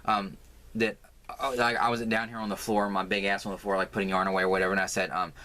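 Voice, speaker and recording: A man's voice: sits low, little pitch movement, quick pace, bright, forceful tone. An American man talking through a casual crafting vlog at home, rambling with lots of fillers and sounding exasperated. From United States. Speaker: crafting vlogger.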